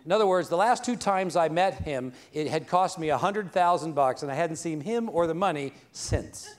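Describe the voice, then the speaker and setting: A man with a voice a touch higher than most men tells a personal story to an audience. He talks in a loose, conversational way. He keeps pausing to check that his listeners are following him. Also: animated. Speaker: speaker at a business event. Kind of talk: motivational storytelling talk.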